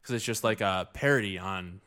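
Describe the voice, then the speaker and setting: A man in casual podcast chat, rambling and halting with lots of restarts and jokes. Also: deep voice, sharp tone. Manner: rambling, halting, many likes and restarts, joking.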